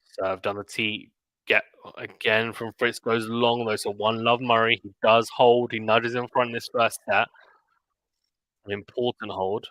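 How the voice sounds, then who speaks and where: A man with a lowish, bright and forceful voice calls a tennis match live, shot by shot. Between points he slips into relaxed, offhand chatter. The sound is close and dry. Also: no echo. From Britain. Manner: rapid calls of the rally mixed with quiet chatty asides. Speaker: stream commentator. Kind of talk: live play-by-play commentary.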